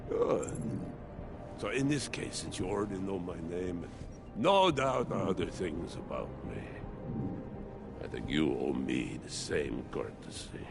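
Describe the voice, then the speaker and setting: An actor playing a guarded, formal man in a video game, speaking in a measured, deliberate way. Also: low voice, big pitch swings, gravelly, full character voice. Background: game music.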